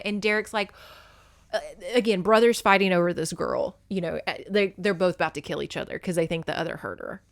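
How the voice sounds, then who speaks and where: A woman's voice: medium pitch, a little fast, gravelly, fairly bright tone, dry recording. A woman hosting a podcast, recapping a romance novel in a chatty, profane way with lots of fillers. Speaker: podcast host. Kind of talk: casual book recap.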